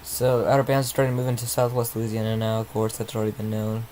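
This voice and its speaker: A man's voice: mid-range voice, completely flat delivery, fast, darkish tone, slight background noise, low-quality recording. Rambling man hosting a sleepy live stream. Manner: rambling, distracted, muttering to himself. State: sleepy, yawning. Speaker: livestream host. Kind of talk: casual live commentary.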